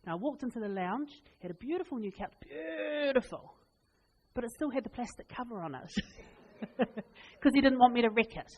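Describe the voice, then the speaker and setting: Kiwi lady preacher, chatty and laughing through her stories, bit high-pitched, big hall echo. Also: normal speed, muffled recording, a little hiss or hum. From New Zealand. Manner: animated, laughing, chatty anecdotes. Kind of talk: humorous storytelling sermon. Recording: long reverb in a hall.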